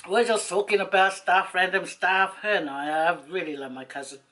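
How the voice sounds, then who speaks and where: A woman tells a story to her viewers in a loose, rambling way, laughing often as she goes. Her voice sits a little low, and soft music plays quietly behind her. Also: normal speed, rough recording. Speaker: vlogger. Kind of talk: casual storytelling to camera.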